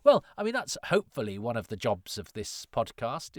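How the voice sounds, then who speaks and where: A man's voice: mid-range voice, huge pitch swings, moderate pace, no room sound, clean studio sound. A man hosting a podcast, reading listener letters in a chatty, wry way that often breaks off and restarts. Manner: chatty, self-interrupting, wry. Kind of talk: casual chat.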